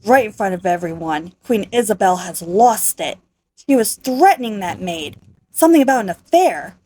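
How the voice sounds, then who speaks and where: A woman's voice: medium pitch, lively intonation, moderate pace, mellow, breathy edge. Woman voicing a nosy gossiping duchess. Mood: gossipy.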